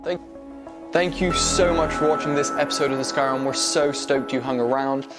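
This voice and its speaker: A man's voice: mid-range voice, steady tone, normal speed, over loud music. A man narrating a tabletop game as game master, casual and full of fillers. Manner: casual, filler-heavy storytelling.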